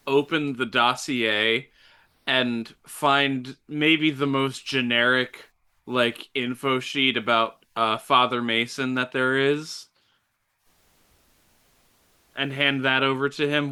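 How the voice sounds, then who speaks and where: A man's voice: mid-range voice, fairly even intonation, takes it slowly, sharp tone, smooth. A man casually playing a tabletop role-playing game, joking as he describes his moves. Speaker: player.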